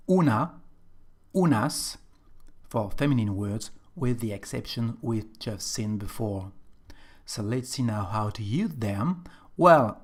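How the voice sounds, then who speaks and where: Slow, patient male language teacher. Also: medium pitch. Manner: slow, patient, repeats examples. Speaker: Spanish teacher. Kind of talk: explanatory lesson.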